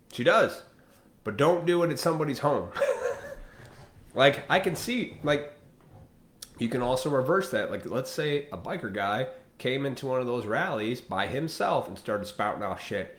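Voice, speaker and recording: A man's voice: mid-range voice, echoey room. A man hosting a live stream, delivering a blunt, profane, preachy rant straight to his viewers. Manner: blunt, profane, preachy, mimics people in quoted asides.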